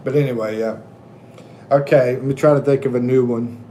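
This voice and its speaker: A man's voice: medium pitch, little pitch movement, normal speed, dark tone, slight background noise. A man hosting a casual livestream, joking and chatting with viewers. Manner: jokey, laughing, chatting with viewers. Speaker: livestream host and expat coach.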